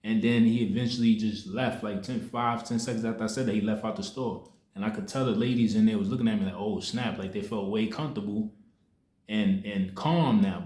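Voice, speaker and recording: Low-voiced man storytelling in an echoey room. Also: a little mellow. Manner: loose street slang, rambling retelling with many restarts. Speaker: spiritual content creator. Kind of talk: casual spoken storytelling.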